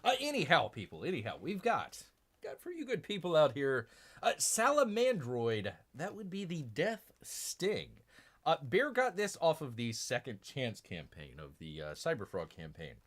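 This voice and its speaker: This comic book streamer's voice sits on the high side, fairly bright, its pitch swooping wildly at a moderate pace. He rambles casually with fillers and restarts, speaks of himself as Bear, and again and again addresses viewers as "people."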